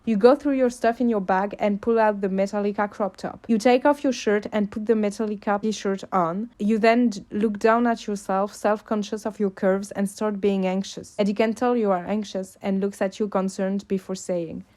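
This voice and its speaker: A woman reads a second-person fan story aloud, keeping a calm, steady storytelling tone. Her voice sits at an ordinary middle pitch for a woman. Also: moderate pace, few pauses. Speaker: fanfic reader. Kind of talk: second-person audio fanfic narration.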